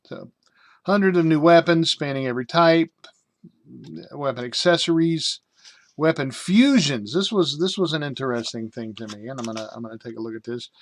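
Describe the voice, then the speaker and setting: A man's voice: fairly high pitch, normal speed, dry recording. A middle-aged American man casually reviewing a tabletop game book, rambling with many fillers and joking asides. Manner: rambling, with frequent fillers and self-amused asides.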